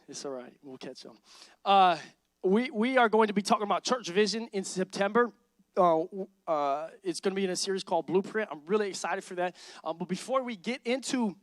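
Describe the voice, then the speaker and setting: A man preaching a sermon as lead pastor, energetic and emphatic, repeating lines and building intensity. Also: high-pitched, no echo, clean studio sound. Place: church sanctuary.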